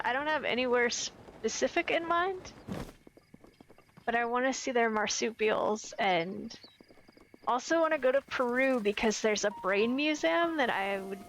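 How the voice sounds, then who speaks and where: A woman's voice: a little high, fairly bright tone, a little hiss or hum, poor audio. A woman in her twenties from the United States, chatting casually and playfully while streaming a game. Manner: rambling, playful, self-commenting. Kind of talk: casual gameplay chat.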